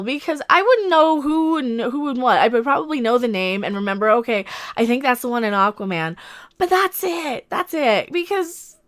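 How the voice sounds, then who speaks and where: A woman giving rambling, sarcastic and opinionated commentary as an online commentator. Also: sits high.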